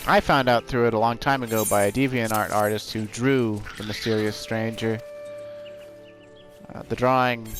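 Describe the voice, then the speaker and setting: A man giving casual, rambling commentary while playing a video game, telling a story with many fillers and restarts. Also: on the low side. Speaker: let's play host. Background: game music.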